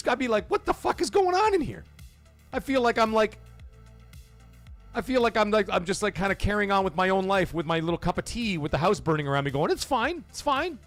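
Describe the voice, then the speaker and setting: Male stream host, lively swing in pitch, slightly high voice, foul-mouthed rhetorical ranter. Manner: profane, animated, rhetorical questions; acts out quoted voices with pitch jumps. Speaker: livestream host. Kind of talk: casual gaming livestream rant.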